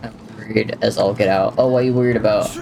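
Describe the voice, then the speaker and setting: A man with a lowish, creaky voice talks fast in a steady tone while livestreaming a video game. He chats casually with viewers, reads their messages, and jokes about the game, drifting between addressing chat and the game itself. Faint game music plays underneath.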